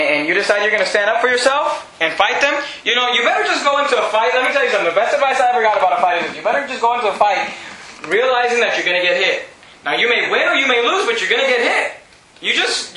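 A man preaching a sermon as pastor, fervent and repetitive, at times shouting for emphasis. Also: extremely high pitch, heavy reverb, slight background noise, low-quality recording.

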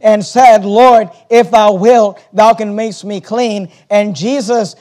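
Male pastor, high voice, sermon delivery, slow emphatic scripture reading, quick asides. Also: steady tone, darkish tone. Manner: preaching, reading King James scripture aloud with emphasis; slows down to stress key words, rushes asides.

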